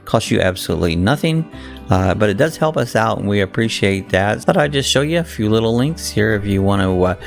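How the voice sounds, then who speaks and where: A man's voice: fairly low pitch, lively intonation, brisk, creaky. A male channel host giving a plain, explanatory walkthrough of his links at the end of a video. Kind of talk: casual channel outro. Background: faint guitar music.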